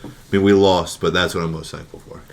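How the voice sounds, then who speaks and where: A man's voice: low voice, flat delivery, quick pace, over a noisy crowd. A young man co-hosting a casual sports podcast, wry and grumbling about his team. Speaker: podcast co-host.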